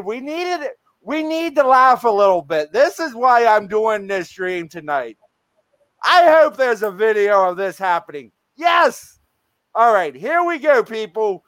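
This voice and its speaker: A man hosting a casual live stream, excitable and laughing often as he reads out odd news. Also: very high-pitched, dry recording. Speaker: streamer host.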